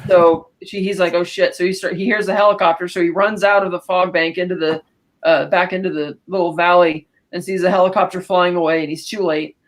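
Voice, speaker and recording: A woman's voice: fairly low pitch, fairly even intonation, a little fast. A woman co-hosting a podcast, retelling a film's plot casually with many fillers and restarts. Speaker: podcast co-host. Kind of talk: casual film recap.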